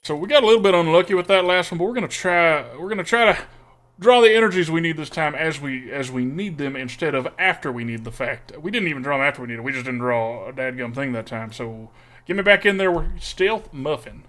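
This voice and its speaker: Streamer, male, put-on Texas drawl, folksy and joking, a touch high-pitched. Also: animated, fairly quick, fairly bright tone. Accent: put-on exaggerated Texas drawl. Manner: folksy, joking, chats with viewers. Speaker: streamer playing a card game. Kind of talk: casual live-stream commentary.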